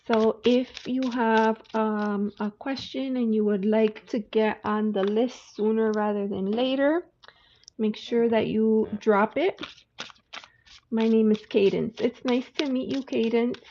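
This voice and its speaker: Woman, unhurried, a little high, chatty livestream host, dull lo-fi audio with faint hiss. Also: steady tone, warm tone. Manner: chatty, greets viewers by name. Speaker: livestream tarot reader. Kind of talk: casual livestream chat.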